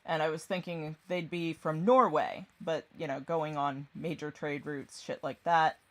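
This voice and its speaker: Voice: mid-range voice, steady tone, a little slow, fairly bright tone. A channel creator casually retelling a book and film in a loose, rambling way, full of fillers, swearing and laughter, and acting out the characters' lines along the way.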